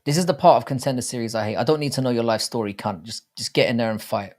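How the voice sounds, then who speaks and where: A man's voice: medium pitch, quick pace, a little mellow. A man in his thirties hosting a livestream watchalong, talking to chat in a blunt, profane, rambling way. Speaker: livestream host. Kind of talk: casual livestream watchalong commentary.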